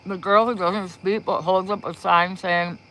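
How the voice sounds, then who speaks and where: Using a lowish voice that's steady in tone, pushed and bright, a woman chats casually on a livestream before giving spiritual readings. She talks slowly into a propped-up phone in a small room, rambling and giggling as she goes.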